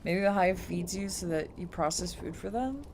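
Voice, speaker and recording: Excitable, incredulous woman streamer. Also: fairly low pitch, normal speed, a little hiss or hum. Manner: excitable, incredulous, swears casually. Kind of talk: live-stream reading and chat.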